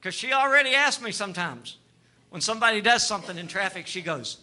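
A male preacher, delivering a sermon that moves between hushed, tender passages and loud, animated storytelling. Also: high-pitched, a little fast.

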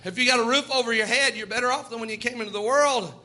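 A man's voice: very high voice, quick pace, sharp tone. A man preaching a sermon, reading scripture and urging his congregation to praise with fervent, rhythmic delivery. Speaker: pastor.

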